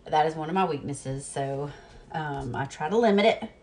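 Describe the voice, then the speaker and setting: A woman's voice: low-pitched, normal speed, darkish tone, a little hiss or hum. A woman chatting casually to the camera while she preps meals in her home kitchen, talking to herself as she works and laughing at her own mishaps. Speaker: cooking vlogger. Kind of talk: casual cooking demo chat.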